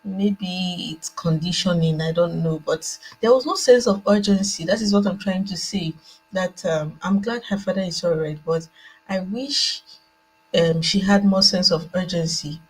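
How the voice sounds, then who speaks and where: A woman's voice: on the low side, unhurried, slightly rough, soft background music, poor audio. A Nigerian woman speaking earnestly on a video call from home at night, repeating herself as she works through her thoughts, with a laptop fan running. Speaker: guest joining by video call. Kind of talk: call-in discussion.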